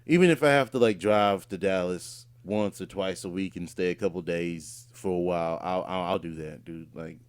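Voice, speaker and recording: A man's voice: low voice, normal speed, hardly any pauses, clear, resonant tone. A man, a voice actor and podcast co-host, chatting casually and telling a rambling story with lots of fillers and restarts. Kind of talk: casual chat.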